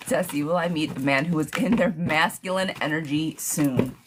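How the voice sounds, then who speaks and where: A woman doing a live tarot reading for viewers, answering them in a playful, gossipy way. Her voice sits on the low side and she calls everyone darling or girl. A faint background noise runs under the recording. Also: unhurried. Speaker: tarot reader.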